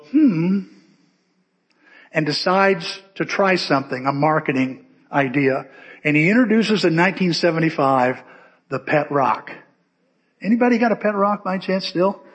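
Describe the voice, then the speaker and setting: Male pastor, conversational sermon delivery, fairly high-pitched, long church reverb. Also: normal speed. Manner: conversational, animated storytelling. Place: church sanctuary.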